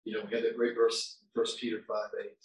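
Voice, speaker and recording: A male pastor preaching a sermon, shifting between quiet reflection and loud shouts, recorded far from the mic in a large church hall. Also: on the low side, level tone, brisk. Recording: very echoey hall, distant mic.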